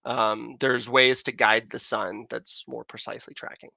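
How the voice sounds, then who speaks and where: A man's voice: medium pitch, flat delivery, normal speed, gravelly, bright, forceful tone, no echo. An American man hosting a casual astronomy livestream, rambling as he answers viewer questions. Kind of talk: casual live-stream chat. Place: outdoors in Arizona with a telescope.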